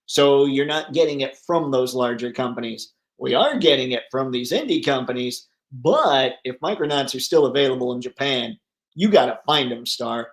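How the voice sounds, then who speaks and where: A man hosting a casual livestream, reading viewer comments aloud and riffing on them, thinking out loud as he browses online listings. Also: medium pitch, expressive, normal speed. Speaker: livestream host. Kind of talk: casual live chat.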